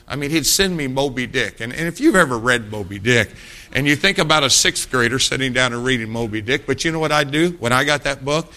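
A middle-aged man preaching a sermon in a folksy, storytelling way, often asking his listeners rhetorical questions. His voice is bright and forward, sitting at an ordinary pitch for a man.

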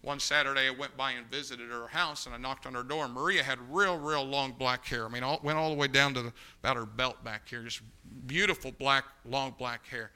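A man preaching a sermon, telling a story with passion and swinging between loud bursts and hushed moments. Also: mid-range voice, steady tone, fairly quick, few pauses, clear, resonant tone. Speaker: pastor.

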